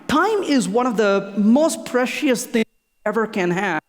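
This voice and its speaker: Here the technical talk comes at a slightly slow pace in a mid-range voice with lively intonation. Repeating key points and frequently restarting, the speaker is heard in a conference hall with a large room's long reverb.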